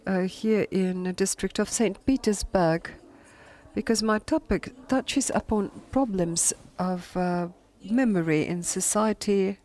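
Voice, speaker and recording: A woman historian with a German accent delivers a lecture read from prepared notes, at a middling pitch. She moves along haltingly and pauses often on fillers. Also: a little mellow.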